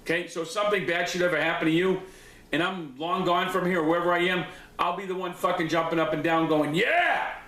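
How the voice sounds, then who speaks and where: A man's voice: sits high, flat delivery, quick pace, a bit bright. Blunt, profane man in an echoey room. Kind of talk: angry personal recap monologue.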